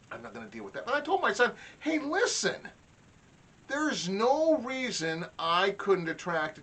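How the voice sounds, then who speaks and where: A middle-aged man telling a comic story in a mock-indignant, animated way. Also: medium pitch. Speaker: comedy vlogger. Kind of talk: comic monologue.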